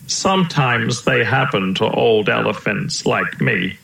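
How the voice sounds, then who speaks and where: A man doing a gentle old elephant uncle. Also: medium pitch, slow pace, gravelly, full character voice. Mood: weary. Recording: roomy echo.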